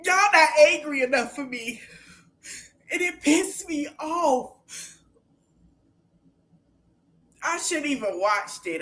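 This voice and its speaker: In a heated, profane livestream rant, a woman podcast host vents slowly with long pauses and lively intonation, repeating phrases for emphasis and bursting into shouts. Her voice sits slightly high.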